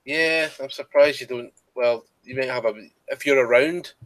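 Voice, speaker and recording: A man's voice: mid-range voice, moderate pace, fairly bright tone, no echo. A man with a Scottish accent, co-hosting a casual gaming chat with laid-back, sweary banter. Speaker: podcast co-host.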